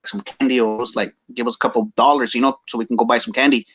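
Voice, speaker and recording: A man's voice: mid-range voice, steady tone, racing, a bit bright, slightly rough, highs cut off. A man with a Chicano English accent telling a story casually, slangy and mixing English with Spanish.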